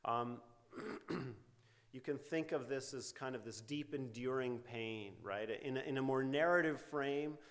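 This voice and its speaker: A man's voice: mid-range voice, a little slow, a bit bright. A middle-aged man giving an academic lecture in a university hall, talking loosely with fillers and "right?" tag questions. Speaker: invited lecturer, psychology researcher. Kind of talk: academic lecture with quoted therapy examples.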